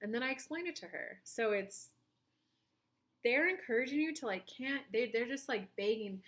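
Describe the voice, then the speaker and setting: A woman with a fairly high, expressive, slightly bright voice gives a monthly tarot reading at normal speed. As a spiritual coach, she's chatty and tells stories from her own life, performing what other people said.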